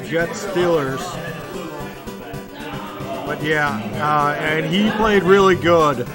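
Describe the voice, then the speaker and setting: A man chatting casually about his tournament games in a relaxed, rambling way. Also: on the high side, slow. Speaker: tournament player. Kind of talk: casual chat. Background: loud music.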